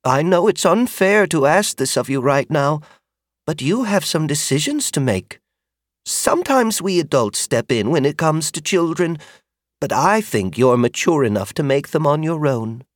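A man doing a gentle motherly woman. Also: fairly high pitch, very animated, dry recording, studio quality, voice pushed up. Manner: soft, motherly, measured. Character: kindly middle-aged woman, gentle and concerned. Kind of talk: audiobook character voice.

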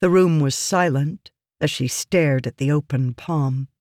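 A man narrating a fantasy audiobook in a measured, even reading, close to the mic. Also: a little high, dry recording.

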